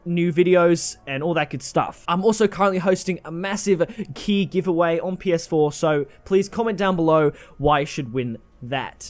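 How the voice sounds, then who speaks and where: Upbeat higher-voiced male gaming host. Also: normal speed. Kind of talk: upbeat video outro.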